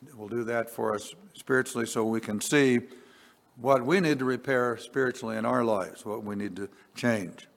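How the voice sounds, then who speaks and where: A man preaching a sermon, reading scripture slowly and deliberately, rising on key words and dropping quiet on asides. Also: medium pitch, creaky. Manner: slow, deliberate, swells on scripture then drops quiet. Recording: long reverb.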